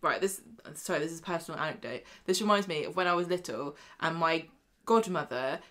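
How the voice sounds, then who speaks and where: A woman co-hosting a podcast, chatting casually with quick, joking interjections. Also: low voice, a bit bright. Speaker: podcast co-host. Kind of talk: casual chat about a soap opera.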